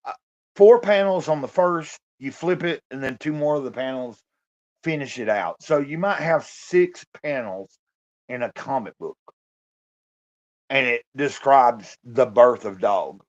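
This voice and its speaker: A man's voice: mid-range voice, lively intonation, a little slow, highs cut off. A man vlogging in a casual, rambling monologue, full of fillers and the odd swear word. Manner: meandering, lots of fillers and swearing.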